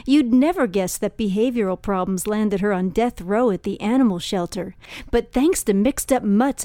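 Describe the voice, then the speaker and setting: A woman reading a scripted news feature for radio in a clear, measured way. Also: mid-range voice, dark tone, dry recording. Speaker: radio correspondent.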